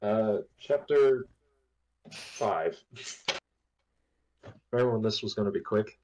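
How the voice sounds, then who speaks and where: Low-voiced man rambling in podcast chat. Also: lively intonation, slow, darkish tone, slight background noise, low-quality recording. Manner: rambling, laughs often, trails off with fillers. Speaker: podcast co-host. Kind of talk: casual book-discussion chat.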